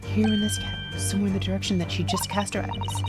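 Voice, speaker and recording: A woman voicing a calm, polite young assistant in a soft, measured way. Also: medium pitch, close to an everyday voice. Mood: thoughtful. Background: game music.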